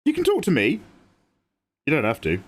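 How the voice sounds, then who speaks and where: A young man from England, drawing live for viewers, speaks at a moderate pace in a slightly high voice whose pitch swoops wildly. He chats casually, answers messages from chat, and explains his process as he goes.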